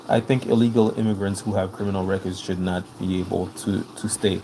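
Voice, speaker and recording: A man's voice: deep voice, fairly even intonation, fairly quick, few pauses, background noise. A man with an accent hosting a live stream, reading viewer comments aloud and answering them in an earnest way, often repeating himself to make a point. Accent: non-native English accent. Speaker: livestream host.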